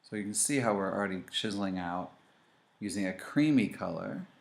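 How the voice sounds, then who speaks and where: A man hosting a casual makeup tutorial, chatty and animated, talking straight to his viewers as he demonstrates. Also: sits low, fairly quick, creaky.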